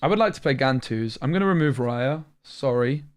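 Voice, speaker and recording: A man's voice: mid-range voice, animated, fairly quick. A young British man streaming a card game, thinking aloud in a chatty way, tired after a long session. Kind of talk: live-stream commentary while playing a card game.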